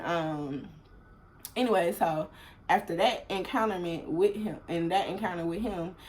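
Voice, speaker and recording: A young woman with an Atlanta accent, telling a story in casual vlog style, animated and swearing freely. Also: a little hiss or hum. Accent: Southern US, Atlanta. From Atlanta, USA. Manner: animated, swearing, acts out quoted people in sudden loud high bursts. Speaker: vlogger.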